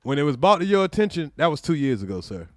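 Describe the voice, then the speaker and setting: A man's voice: a little high, big pitch swings, fast talker, no room sound, clean studio sound. A man streaming his reaction to a clip, mocking and sarcastic, talking straight to his chat. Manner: mocking, sarcastic, mimics apologies in exaggerated voices. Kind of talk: livestream reaction commentary.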